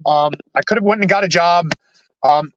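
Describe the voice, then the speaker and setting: A man, a podcast guest, telling his own story candidly in halting speech full of restarts and repeated words. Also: high voice, no echo, muffled recording.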